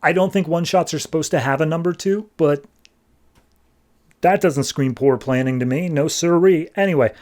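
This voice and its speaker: A man's voice: on the high side, moderate pace, a little mellow. A man hosting a podcast, recapping a comic book in a casual, rambling way with sarcastic asides. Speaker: podcast host.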